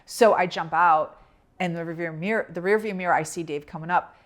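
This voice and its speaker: A woman's voice: lowish voice, brisk. A woman co-hosting a casual podcast, telling a family travel story with lots of quoted back-and-forth. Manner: animated, retells with quoted dialogue. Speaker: podcast co-host.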